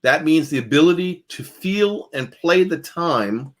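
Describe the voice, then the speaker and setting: A man teaching a guitar master class in a loose, conversational lecture style, his voice sitting a little on the high side. He drives points home by repeating phrases, and he lets his volume rise and drop freely as he talks. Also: animated, unhurried. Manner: swings between loud and soft.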